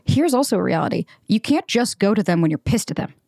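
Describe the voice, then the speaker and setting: A woman podcast host who talks at a quick clip, words tumbling out in a chatty, casual stream full of "like" and "right?". Her voice sits at a middle pitch and sounds dry and close, with no room around it. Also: sing-song, gravelly, dark tone, no echo. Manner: chatty, rapid-fire, peppered with "like" and "right?". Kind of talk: casual conversation.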